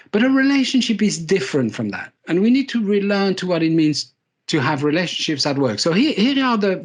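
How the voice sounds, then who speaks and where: Male keynote speaker, slightly higher register, animated storyteller with dry self-mocking jokes. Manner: lively storytelling, self-deprecating humour, repeats words for emphasis. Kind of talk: live leadership talk.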